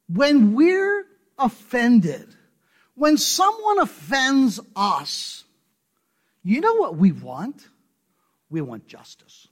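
A male pastor preaching a sermon, emphatic and full of rhetorical questions, dropping to soft low asides and rising to loud stressed points. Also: big pitch swings, slow pace, long pauses.

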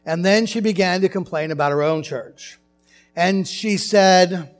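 High-voiced male pastor preaching. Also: a little slow, faint music behind. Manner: conversational storytelling, animated asides. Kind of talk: sermon. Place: church sanctuary.

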